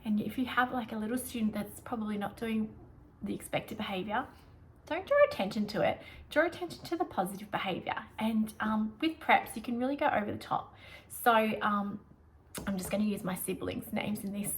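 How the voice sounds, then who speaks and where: A woman's voice: medium pitch, brisk, slight background noise, poor audio. An Australian woman, a young adult prep teacher, giving chatty, upbeat classroom tips and sometimes dropping to a whisper.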